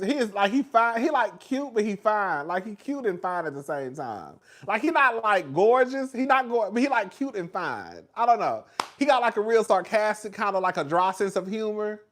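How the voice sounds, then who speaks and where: A man's voice: sits high, fairly bright tone. A man hosting a casual chat with viewers in a gossipy, chatty way, calling everyone "girl" and laughing often. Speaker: host.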